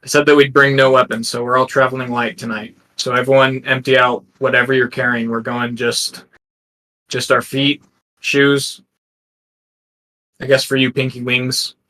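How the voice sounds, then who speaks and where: Male player, bright forceful tone, direct and organizing. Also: mid-range voice, level tone, moderate pace, low-quality recording. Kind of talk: tabletop game chat.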